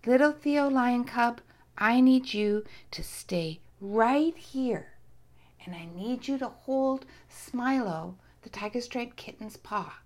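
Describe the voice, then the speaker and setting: A woman voicing a brave, playful female cat in a children's story, speaking calmly and firmly. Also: on the high side, creaky, exaggerated voice.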